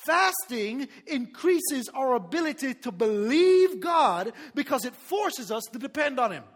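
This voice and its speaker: A man preaching a sermon as pastor, animated, laughing often and calling for responses from the congregation. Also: very high voice, a little slow, in a large hall.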